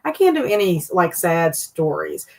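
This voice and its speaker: A woman hosting a casual reading livestream, chatting with viewers and reading their comments aloud, jumping up high for excited greetings. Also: moderate pace. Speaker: livestream host.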